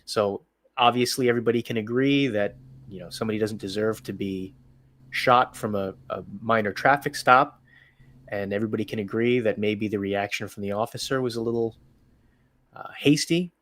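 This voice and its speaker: A man with a New Zealand accent, a guest in an interview, answering in a relaxed, easygoing way. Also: fairly low pitch, normal speed. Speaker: guest, true crime video creator.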